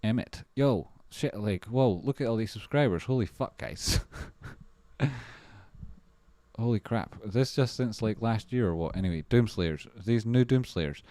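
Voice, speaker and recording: A man's voice: lowish voice, animated, a little slow, dark tone, dry recording. A man hosting a casual livestream, rambling and swearing freely as he reads out viewer names and thanks supporters. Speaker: livestream host.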